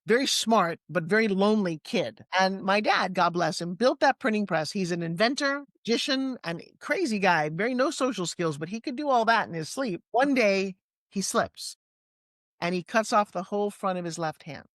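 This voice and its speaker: A woman in her sixties with a New York accent, a guest telling personal stories in a lively, candid way with quick asides. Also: mid-range voice, no room sound, clean studio sound. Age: 60s. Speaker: interview guest. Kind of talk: personal storytelling in conversation.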